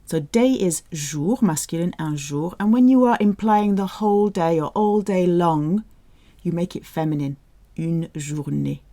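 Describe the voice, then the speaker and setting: Slow, precise woman teaching French. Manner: slow, clear enunciation of French examples; lively jumps in pitch on example phrases. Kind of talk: audio language lesson.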